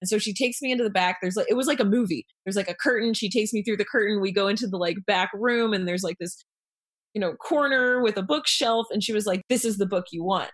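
Woman guest, casual storyteller, middle pitch, acts out the quotes, chatty. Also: quick pace. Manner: animated, acts out quoted lines, many fillers. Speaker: guest telling a personal story.

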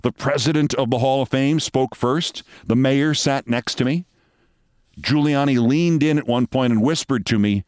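A man's voice: mid-range voice, moderate pace, darkish tone, no echo. A man hosting a show, telling a long story in a wry, theatrical monologue from a studio. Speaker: host.

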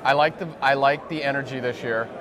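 A middle-aged man, a guest on a podcast outdoors at a busy event, trading quick self-mocking banter. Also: medium pitch, fairly bright tone, poor audio. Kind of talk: casual chat. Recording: crowd noise behind.

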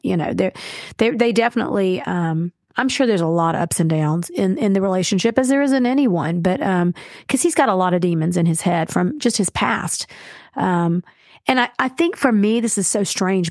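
A woman's voice: medium pitch, dry recording, clean studio sound. Chatty woman podcast co-host. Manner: chatty, heartfelt, many fillers. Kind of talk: casual chat.

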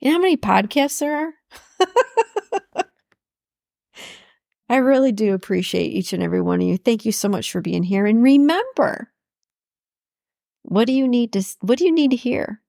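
Slightly high, creaky, and animated, this woman's voice moves at a moderate pace with frequent pauses in a dry, studio-quality recording. She hosts a solo podcast, offering warm, imagined encouragement and repeating her affirmations.

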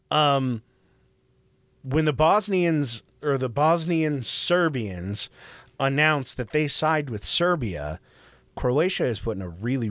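A man hosting a podcast, telling history in a casual, profane, animated way. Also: mid-range voice, no echo. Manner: profane, animated, acts out quoted voices. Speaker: podcast host.

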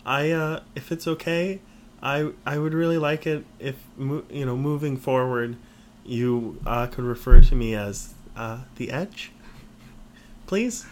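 A shy, faltering rock guitarist who stumbles through his request with apologetic pauses and little fillers. A man puts him on as a joke, and his voice sits soft and low. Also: slight background noise, close to an everyday voice. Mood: timid. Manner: halting, apologetic, full of pauses. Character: timid, hesitant rock guitarist asking for a nickname.

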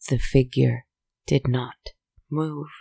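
A storyteller reading a dark tale in a slow, solemn, measured way. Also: medium pitch, steady tone, vocal fry, husky, dry recording. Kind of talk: scripted story narration.

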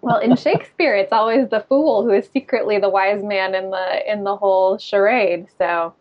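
A woman's voice: mid-range voice, moderate pace, muffled recording. A woman in casual podcast chat, teasing and playful.

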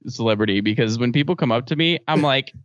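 A man's voice: medium pitch, quick pace, no room sound, lo-fi sound. A man chatting on a podcast, telling stories and acting out the voices of the people in them. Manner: animated storytelling, acts out quoted voices. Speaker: podcast regular. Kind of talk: casual podcast chat.

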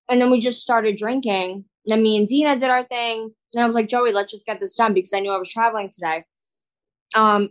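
Podcast co-host, female, hungover, blunt and laughing, a bit high-pitched. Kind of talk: casual chat.

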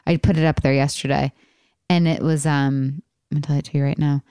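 Woman podcast host, low voice, dry close mic, candid and rambling with lots of fillers. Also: little pitch movement, brisk, dark tone, clear, resonant tone, dry recording. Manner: rambling, many fillers and restarts. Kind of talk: candid casual chat.

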